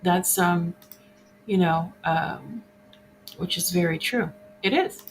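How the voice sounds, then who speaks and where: A woman in casual podcast conversation, reflective and quick to laugh, speaking in short halting bursts. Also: fairly low pitch, a little hiss or hum, rough recording.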